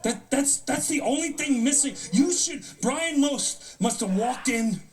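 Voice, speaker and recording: A man's voice: extremely high pitch, expressive, a little slow, far from the mic. A man hosting a live show, ranting comedically with incredulous disbelief and acting out mock conversations. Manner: incredulous, acts out mock dialogue in different voices. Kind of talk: animated comedic rant.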